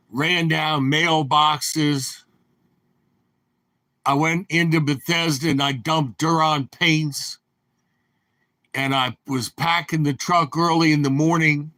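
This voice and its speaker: A man's voice: a little high, bright, forceful tone, no room sound. An older man telling rambling, anecdotal stories in his own voice. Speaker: storyteller. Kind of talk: rambling storytelling.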